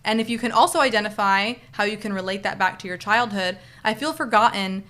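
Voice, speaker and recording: A young woman with a bright, crisp voice talks as a podcast guest. She explains her points earnestly and step by step in an easy, conversational way. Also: medium pitch, steady tone, quick pace. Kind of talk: casual conversation.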